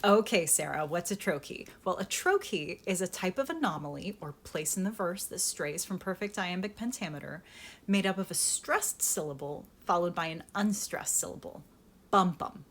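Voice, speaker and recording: A young adult woman, an acting coach, explaining Shakespeare's verse in a lively, emphatic way and sounding out stress patterns. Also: on the low side, moderate pace.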